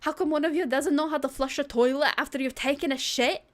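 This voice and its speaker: A woman doing a put-on Scottish accent as an indignant, outraged woman, shouting. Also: sits high, fast talker, pitched above the performer's own voice, close to an everyday voice. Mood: disgusted outrage.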